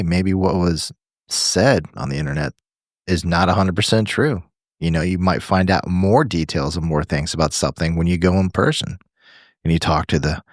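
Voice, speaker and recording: A man's voice: low voice, no room sound, clean studio sound. A man co-hosting a podcast in casual chat, rambling and leaning on filler phrases as he talks. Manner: rambling, leans on "you know" and restarts. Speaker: podcast co-host.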